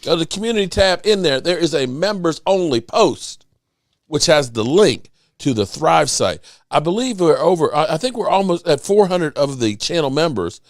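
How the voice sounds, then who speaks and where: Man, middle-aged, sports podcast host, rambling casual talk, lively swinging pitch, dry close mic. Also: moderate pace, dry recording. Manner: rambling, chatty, with shout-outs to viewers. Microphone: desk microphone.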